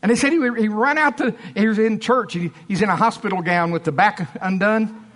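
High-voiced preacher storytelling. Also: male voice, fairly quick. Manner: animated storytelling, acting out quotes. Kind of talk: sermon.

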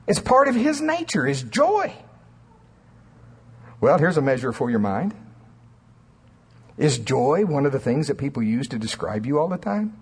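A man preaching a sermon in church, telling stories in an animated way and often laughing. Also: fairly high pitch, measured pace, long pauses, slightly rough. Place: church sanctuary.

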